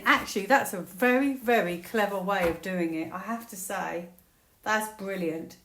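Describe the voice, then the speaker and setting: A woman from the United Kingdom giving a casual solo tarot reading, musing aloud and breaking into excited, laughing exclamations. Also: mid-range voice, moderate pace, roomy sound. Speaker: tarot reader.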